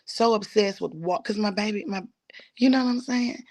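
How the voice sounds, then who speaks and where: A woman's voice: medium pitch, moderate pace, darkish tone. A woman telling a heartfelt personal story as a guest, at times dropping to a whisper and at times pleading, with speech. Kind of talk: emotional personal testimony.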